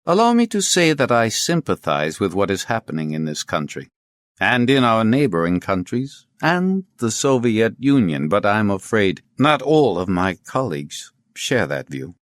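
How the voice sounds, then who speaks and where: Man reading polite formal colonel, very low voice, lively delivery, dry close sound, audiobook. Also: moderate pace, no room sound. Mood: courteous. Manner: formal, courteous. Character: polite, measured male Latvian police colonel.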